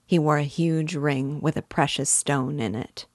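A woman reading a novel aloud as the host, with measured, clear storytelling. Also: low voice, dry recording, studio quality. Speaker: reader.

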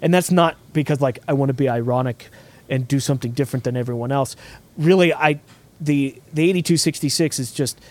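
A man's voice: medium pitch, brisk, darkish tone. A man hosting a podcast, chatting casually about a project he is designing, thinking aloud with frequent restarts. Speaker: podcast host. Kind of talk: casual technical chat.

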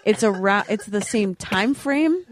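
A woman's voice: mid-range voice, lively intonation, measured pace, slight background noise. A woman co-hosting a podcast, talking in an earnest, rambling, hesitant way in casual chat. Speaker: podcast co-host.

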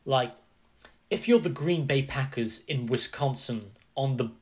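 Man, casual podcast chat, animated, mid pitch, rambling asides. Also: a little slow. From England. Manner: animated, talks in long runs with many asides. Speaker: podcast co-host.

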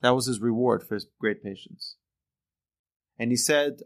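A man teaching a religious lesson through earnest, animated storytelling. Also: medium pitch, moderate pace.

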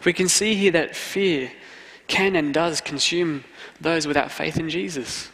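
A man preaching an earnest sermon, driving his points home by saying them twice. His voice sits a bit high and carries a gravelly fry at the bottom of his phrases. A long hall reverb trails after each line. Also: unhurried, few pauses, fairly bright tone, a little hiss or hum. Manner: earnest, repeats key phrases for emphasis. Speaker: student pastor.

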